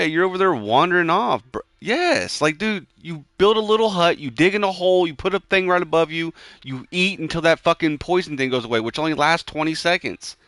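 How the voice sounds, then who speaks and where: A young man streams a game while casually chatting with friends, his mid-range voice captured in a dry recording. He rants with heavy swearing and plenty of "bro" and "dude," letting out loud, excited yelps when things get tense.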